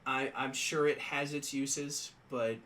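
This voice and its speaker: Male podcast co-host, bright tone, casual and rambling, light noise behind. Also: medium pitch, steady tone, slow, rough recording. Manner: chatty, reads rules aloud with many fillers. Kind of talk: casual tabletop game discussion.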